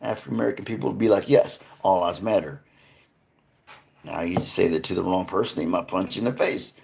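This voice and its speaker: Deep-voiced guy on a live stream, gravelly, rambly and earnest with the chat. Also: background noise. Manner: rambling, halting, many restarts; earnest, talks to chat viewers by name.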